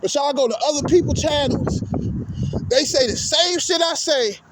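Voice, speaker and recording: A man's voice: extremely high pitch, normal speed, noisy background. A man hosting his own basketball channel, ranting in a profane, heated way that turns emotional, repeating "man" again and again. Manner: profane, heated, repetitive, says "man" constantly; swings from angry to emotional. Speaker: basketball vlog host. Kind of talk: ranting monologue.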